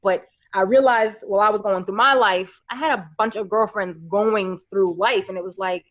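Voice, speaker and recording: A woman's voice: medium pitch, brisk, few pauses. A woman in her thirties from New York chats as a podcast guest in a mid-range voice. She tells her stories casually and animatedly, putting on her friends' voices. The recording sounds slightly muffled. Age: 30s. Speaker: podcast guest, makeup artist.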